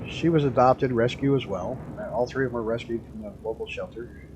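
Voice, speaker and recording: A man's voice: medium pitch, brisk, noisy background. A man streaming a flight game, chatting casually and rambling through stories with the odd swear word. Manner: laid-back rambling storyteller, swears casually.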